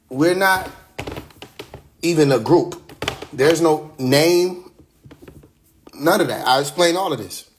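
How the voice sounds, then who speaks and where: A man's voice: fairly high pitch, lively intonation, slow pace, pauses often, a little hiss or hum. Streetwise man talking loosely on a live stream. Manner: loose, streetwise, profane, laughs often. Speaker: livestream host. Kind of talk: casual livestream monologue. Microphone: phone livestream.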